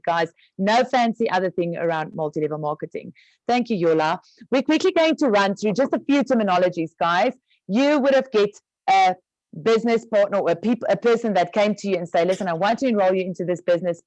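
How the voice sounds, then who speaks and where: A woman's voice: medium pitch, darkish tone, dry recording, poor audio. A woman explaining business terms step by step on an online training call, casual with many fillers. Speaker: network marketing trainer.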